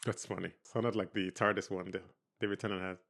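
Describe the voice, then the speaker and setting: Low-voiced man reacting to a TV episode. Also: little pitch movement, brisk, creaky, background noise. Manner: rambling, thinking aloud. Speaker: reaction video host. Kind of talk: casual reaction commentary.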